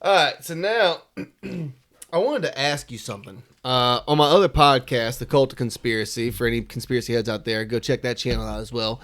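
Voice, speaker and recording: A man's voice: mid-range voice, brisk, fairly bright tone. A man hosting a podcast, chatting in a laid-back way and answering with blunt jokes. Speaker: podcast host. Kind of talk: casual chat.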